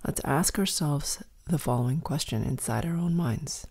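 A woman guiding a meditation in a soft, slow, often whispered voice. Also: low-pitched, gravelly, slightly rough. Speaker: meditation guide. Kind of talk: guided meditation.

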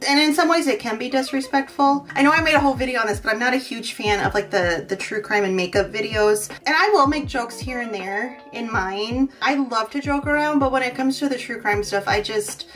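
A woman's voice: medium pitch, fairly bright tone, distant mic. A woman with a Minnesota accent, rambling conversationally in a chatty get-ready-with-me vlog at home. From Midwest US. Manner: rambling, conversational, lots of "like" fillers. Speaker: beauty vlogger.

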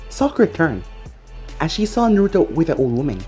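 A narrator reading a fan-fiction story aloud in an expressive way. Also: mid-range voice, brisk, soft background music.

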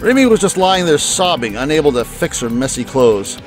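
Man voicing a battered young first-person narrator; plain, slightly high, light drama. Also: big pitch swings, normal speed, faint music behind. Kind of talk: reading visual novel narration aloud.

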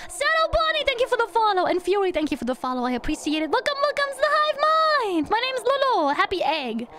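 A playful young woman streamer chats through a game, humming little sound effects. Her voice sits very high and bounces around with lively pitch. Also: quick pace, noisy background. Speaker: VTuber streamer. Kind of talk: live gameplay commentary.

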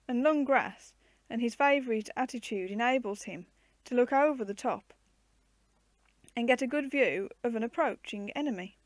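A woman reading the part of a patient, gently teasing uncle who explains zoo animals to children in a storybook. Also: extremely high pitch, moderate pace, no echo.

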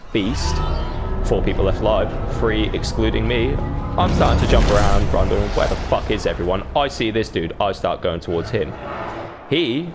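A man giving casual, profanity-heavy commentary over his own gameplay, with a laid-back manner. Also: fairly low pitch. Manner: laid-back, swears a lot, mimics others. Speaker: gaming YouTuber. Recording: noticeable background noise.

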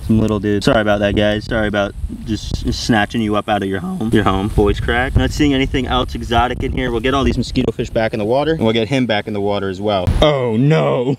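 A man narrating his fishing trip to viewers in a casual, chatty way, jumpy and quick to react. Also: fairly low pitch, steady tone, a little hiss or hum. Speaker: fishing vlogger. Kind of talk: casual outdoor vlog narration. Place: outdoors by an overgrown canal.

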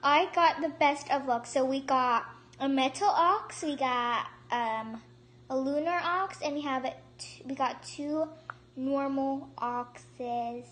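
A woman hosting a casual gameplay commentary, excitable and chatty, gasping and squealing at surprises and rambling with restarts. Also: high voice, takes it slowly. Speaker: gaming channel host.

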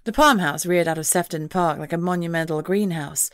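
Woman, audiobook narrator, lowish voice, measured storytelling, dry close sound. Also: dry recording. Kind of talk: scripted narration.

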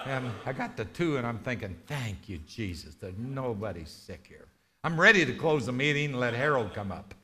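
A man preaching a lively testimony sermon, telling a story with shouts and laughter. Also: mid-range voice, a little hiss or hum. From rural ranch background.

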